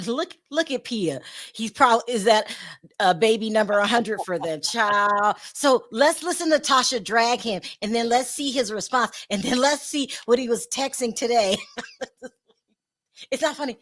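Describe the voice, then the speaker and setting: A woman's voice: a little high, animated, a little slow, a bit bright. A woman hosting a casual gossip commentary show, chatty and prone to laughing between remarks. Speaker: show host.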